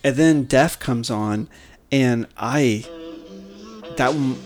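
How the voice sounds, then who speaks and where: A man's voice: mid-range voice, takes it slowly, a little mellow. A man co-hosting a music podcast, chatting casually and profanely about an album, laughing often and mimicking sounds. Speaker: podcast co-host. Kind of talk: casual music review chat.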